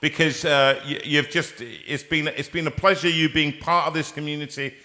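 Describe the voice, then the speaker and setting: A male host chats jovially on a live-streamed show. His voice has a bright, forward edge, and he rambles and breaks off mid-sentence. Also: fairly high pitch, steady tone, normal speed. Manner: jovial, rambling, self-interrupting.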